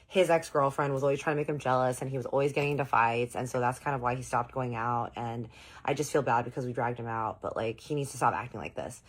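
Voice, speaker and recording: A woman voicing a weary, apologetic woman friend who speaks quietly and with resignation. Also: extremely low pitch, fairly even intonation, quick pace. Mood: resigned.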